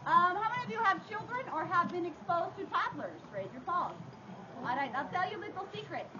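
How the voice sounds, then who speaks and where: A woman with a very high voice runs a live dog show on an outdoor faire stage. She talks to the crowd in a playful, theatrical way. The recording sounds dull and lo-fi, with clear noise behind her. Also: expressive, brisk.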